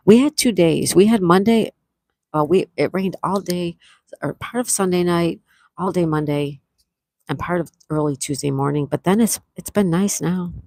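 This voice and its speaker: Soft-spoken woman chatting on a livestream. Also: fairly low pitch, normal speed, dry recording, studio quality. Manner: chatty, reads viewer comments aloud and thanks them; soft-spoken with sweet exclamations. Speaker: livestream host. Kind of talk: casual live chat reading comments. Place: outdoors near calm water.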